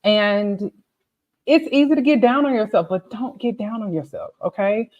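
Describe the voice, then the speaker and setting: A woman's voice: mid-range voice, normal speed. Encouraging woman tutor, lo-fi sound. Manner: warm, motivational, conversational with frequent "okay?" and "right?". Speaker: pharmacy tutor. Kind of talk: encouraging talk to students.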